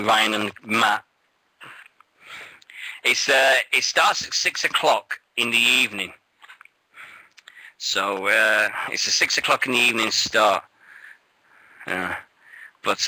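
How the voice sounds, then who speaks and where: Excitable swearing man with a bright voice. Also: fairly low pitch, dry recording, poor audio. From England. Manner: excitable, rambling, swears freely. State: nervous, shaky. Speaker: radio show co-host. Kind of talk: casual radio chat.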